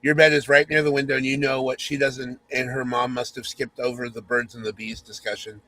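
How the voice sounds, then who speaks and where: Male host reading a spoof romance aloud; mock-sultry, teasing, medium pitch. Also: level tone, fairly quick, bright, forceful tone, low-quality recording. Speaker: podcast host.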